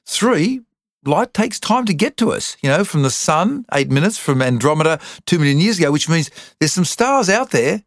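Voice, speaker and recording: A man co-hosting a podcast, explaining science with enthusiasm in quick numbered lists. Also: a little high, sing-song, dry recording, clean studio sound. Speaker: podcast co-host. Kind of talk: casual science chat.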